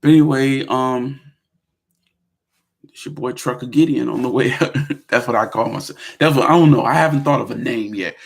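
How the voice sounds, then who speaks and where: A man with a gravelly voice tells his story in a relaxed vlog chat. He talks with lively slang and animated turns. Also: mid-range voice, moderate pace, pauses often. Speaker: vlogger. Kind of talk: casual vlog talk.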